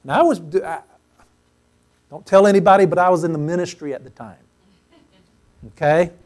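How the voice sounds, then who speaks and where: A pastor with a notably high voice delivers a sermon to his congregation. He leans on repetition, growing loud and emphatic on key phrases before dropping back down. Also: brisk. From Pacific Northwest US. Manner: emphatic, repeats phrases for stress, swells loud on key words. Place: church sanctuary before a congregation.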